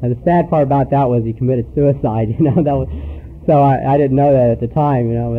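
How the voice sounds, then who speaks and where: A man's voice: mid-range voice, fairly even intonation, a little fast, a little hiss or hum. Earnest man telling a story, tinny recording. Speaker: speaker at a recovery meeting. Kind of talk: personal recovery talk.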